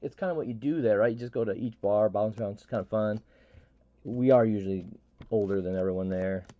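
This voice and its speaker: A middle-aged man hosting a live stream, telling a story in a halting, rambling way with many restarts and fillers. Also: on the low side, no room sound, highs cut off. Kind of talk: casual storytelling chat.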